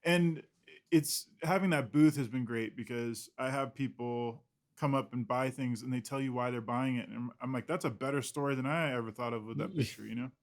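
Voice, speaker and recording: A man's voice: mid-range voice, brisk. A man, an illustrator guest in an interview, talking casually in a rambling, self-deprecating way with frequent laughs.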